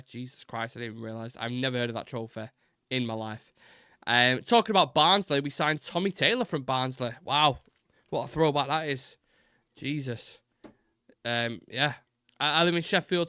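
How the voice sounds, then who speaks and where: Bright-voiced, fast-talking host. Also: male voice, mid-range voice, smooth, no echo, clean studio sound. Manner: fast-talking, rambling, many fillers. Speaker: host of a live football fan show. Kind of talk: casual live-stream chat, reading chat messages.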